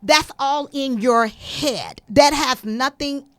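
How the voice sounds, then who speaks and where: A woman's voice: high-pitched, takes it slowly, fairly bright tone, slight background noise. A woman guest on a podcast, with a slight lisp, telling her story earnestly and growing emphatic. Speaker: guest, etiquette school founder. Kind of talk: casual podcast interview.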